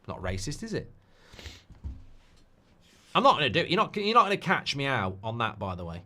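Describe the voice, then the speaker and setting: A man hosting a live stream in a lively voice that swings up and down a lot, talking in a casual, opinionated way. He keeps throwing in tag questions and slides into heated rants. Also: medium pitch, a little fast. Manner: chatty and opinionated, full of tag questions like "haven't they?"; gets heated and ranty when making a point. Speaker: host of a live football watchalong stream. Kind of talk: casual live-stream chat reacting to viewer messages.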